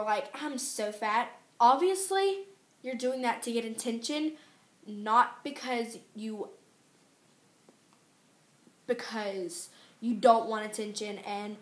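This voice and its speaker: Teenage girl, casual vlog rant, exasperated and chatty, highish voice, roomy echo. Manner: ranting, exasperated, fast and chatty. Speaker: vlogger. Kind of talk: casual chat to camera. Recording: echoey room.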